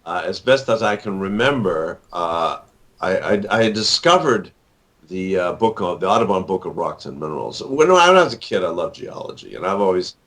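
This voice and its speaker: A man's voice: deep voice, very animated, normal speed, fairly bright tone. An older man in his sixties, an author being interviewed, talking in a rambling way with many fillers and restarts. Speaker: author and actor, interview guest. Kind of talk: casual interview talk.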